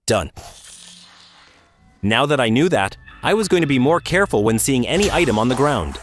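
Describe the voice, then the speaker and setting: A man narrating a video game's story as a let's-play recap, casual and lively, with offhand asides to viewers. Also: mid-range voice, moderate pace, faint music behind. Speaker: gaming YouTuber.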